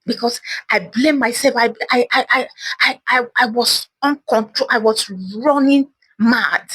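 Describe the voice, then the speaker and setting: A woman's voice: on the high side, fairly even intonation, a little slow, fairly bright tone, slightly rough, no echo. A woman host telling her own story of losing a loved one in an earnest, emotional monologue, often repeating words as she speaks. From Africa. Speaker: channel host sharing personal story. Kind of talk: personal testimony monologue.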